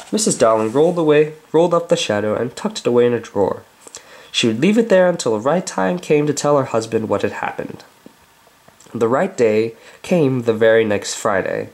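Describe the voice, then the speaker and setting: A man's voice: medium pitch, expressive, moderate pace, darkish tone. A man casually reading a children's book aloud, breaking off into chatty, joking asides. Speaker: reader.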